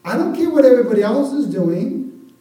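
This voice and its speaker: High-voiced preacher in an echoey room. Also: male voice, very animated, fairly quick, dark tone. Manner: conversational, keeps asking the congregation for an amen. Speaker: pastor. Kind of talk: sermon. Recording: echoey room, voice from far off the mic.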